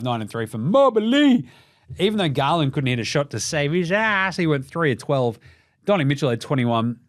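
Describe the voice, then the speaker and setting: A young Australian man with a mid-range voice hosts a casual basketball recap podcast. He swears, jokes around, and does mock voices of the players.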